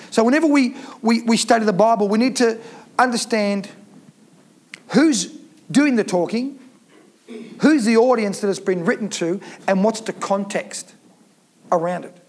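A man preaching a Bible teaching sermon, reading scripture aloud and then explaining it plainly, slowing down to stress key phrases. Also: high-pitched.

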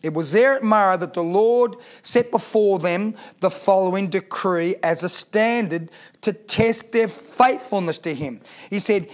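A man preaching a sermon as pastor, reading scripture aloud and asking the congregation rhetorical questions. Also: sits high.

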